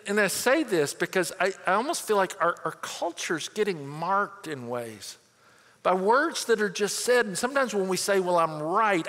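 A man preaching a sermon in an earnest, searching way, tripping over and repeating words as he builds a point. His voice sits a little high for a man, and it rings out with a long reverb through a large church hall. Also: fairly bright tone. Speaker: pastor.

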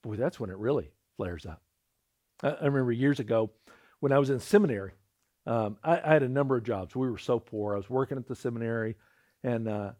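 A man's voice: medium pitch, darkish tone. A man preaching a sermon, telling a personal story and acting out the voices in it, often repeating words as he starts a thought. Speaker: pastor.

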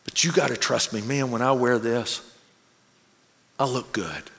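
A man voicing an earnest young male mechanic with a big booming voice, inside a sermon. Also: unhurried, creaky, fairly bright tone. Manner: booming, eager calls. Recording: long reverb of a large hall.

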